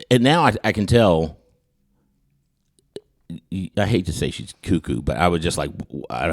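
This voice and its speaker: Deep-voiced male host, chatty storyteller, stumbles and restarts, acts out dialogue. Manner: animated anecdote telling with many restarts. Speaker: podcast host. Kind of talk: casual storytelling chat.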